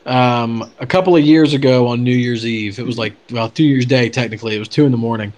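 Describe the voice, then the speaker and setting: A man's voice: medium pitch, quick pace, a little mellow. Chatty man telling a story. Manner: chatty, many fillers and restarts. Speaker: podcast guest telling a story. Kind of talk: casual storytelling.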